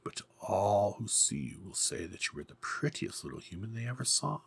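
A man voicing a scheming old female sea witch in a hoarse, menacing whisper. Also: fairly low pitch, big pitch swings, moderate pace, voice pushed up, heavily acted. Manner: sly, menacing.

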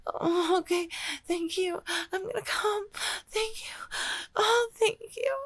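Whispered role-play: actress as a flustered young woman gamer, airy and slow, fairly high, dry close sound. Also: animated, no echo, full character voice. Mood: intimate. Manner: breathy, sighing, halting, flustered. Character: shy young woman gamer confessing her feelings. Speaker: audio role-play performer.

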